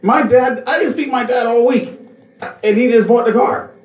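A man's voice: extremely high pitch, moderate pace, echoey room, low-quality recording. A man hosting a podcast, telling a story in a casual, profane way. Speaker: podcast host.

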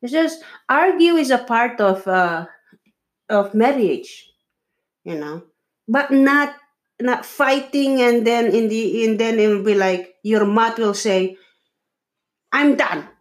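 Slow, earnest woman giving marriage advice. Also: fairly high pitch. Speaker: podcast co-host. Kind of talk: casual chat with her husband.

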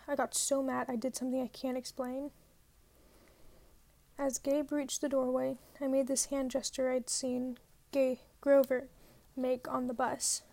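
A woman's voice: high voice, creaky, warm tone. A woman narrating a novel in the first person as an amateur reader, stumbling and correcting herself now and then. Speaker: audiobook reader.

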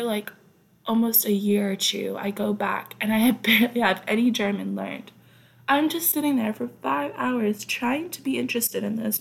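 A young American woman hosting her own podcast, telling stories in a chatty, rambling way with lots of fillers and asides. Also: fairly high pitch. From United States. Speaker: podcast host. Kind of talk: casual storytelling.

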